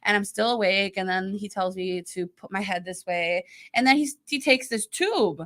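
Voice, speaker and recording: A woman with a bright, forceful voice tells a story in a casual chat. She is animated and quotes the people in it. She chats as a co-host. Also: mid-range voice, moderate pace. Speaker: podcast co-host.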